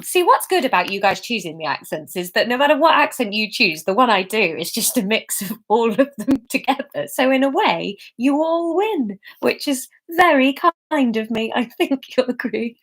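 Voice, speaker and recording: A woman's voice: fairly high pitch, animated, moderate pace, hardly any pauses, a bit bright. A woman reading her own story aloud to an audience, with chatty, self-mocking asides.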